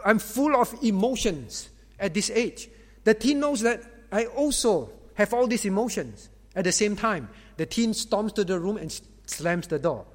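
A man with a high voice preaches to parents in a lively sermon. He acts out the voices of angry parents and teens and calls on listeners by name. His voice rings with the long echo of a hall. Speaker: pastor.

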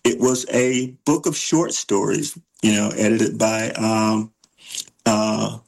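Slow, gravelly man with halting speech. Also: lowish voice, fairly even intonation, darkish tone, low-quality recording. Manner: halting, many fillers and restarts. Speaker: children's book illustrator. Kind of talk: interview answers.

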